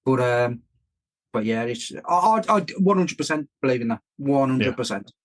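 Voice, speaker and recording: A man's voice: medium pitch, expressive, normal speed. A man from Britain speaking as a podcast guest, earnest and conversational. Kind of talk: casual chat.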